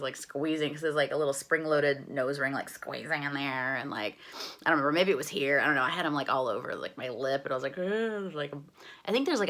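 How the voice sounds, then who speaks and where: A young woman telling a personal story in a casual, chatty way, full of "like" and lively quoted dialogue. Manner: chatty, animated, lots of "like", jumps high when quoting herself.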